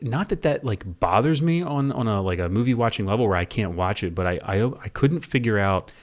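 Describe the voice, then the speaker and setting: A man's voice: lowish voice, lively intonation, a little fast. A man reviewing a movie in a casual rant, rambling and often stumbling over and repeating his words.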